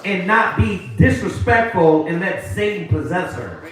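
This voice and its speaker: Animated man preaching in an echoey room. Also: sits high, unhurried, recorded from a distance. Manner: animated, mocking voices of others. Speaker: street preacher. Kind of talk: preaching to a group.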